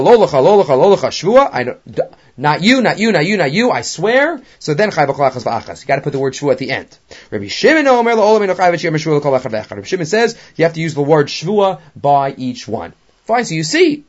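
A man teaching a Talmud class, animated, with many rhetorical questions. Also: a little high. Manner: animated, mixes Hebrew and Aramaic terms, rhetorical questions. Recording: dull lo-fi recording.

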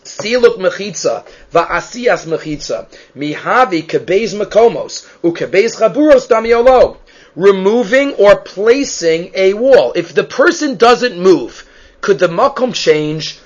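Male Talmud teacher with a high pitch, recorded on dull, lo-fi audio. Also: animated, unhurried. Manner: reads Hebrew and Aramaic phrases, then translates them. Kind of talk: explaining a Talmud text. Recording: muffled lo-fi recording.

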